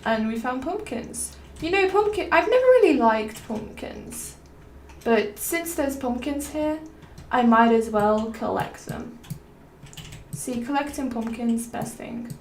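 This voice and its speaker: A woman's voice: on the high side, expressive, slow pace. A woman streamer musing aloud and rambling between topics while playing a game. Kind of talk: rambling gameplay stream chat. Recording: roomy, slightly distant mic with faint noise.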